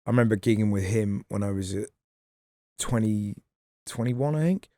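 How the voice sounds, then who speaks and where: A man, a comedian guest on a podcast, talking in a rambling, animated way and swearing freely. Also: lowish voice, normal speed, dry recording. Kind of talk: casual podcast chat.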